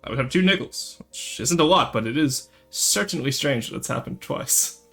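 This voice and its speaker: Lively, rambling man streaming. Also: mid-range voice, creaky, husky, soft background music. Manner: animated, rambling, quick to laugh. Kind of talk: casual live-stream chat.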